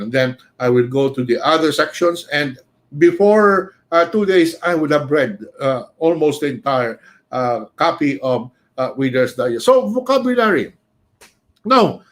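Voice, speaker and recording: A male writing teacher talks through his lesson in a slightly raised voice, pausing constantly on "uh" fillers. He keeps tagging his points with a questioning "no?" as he goes. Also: on the high side. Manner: hesitant, many "uh" fillers, frequent tag "no?". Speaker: writing teacher hosting a livestream. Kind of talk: unscripted livestream lecture.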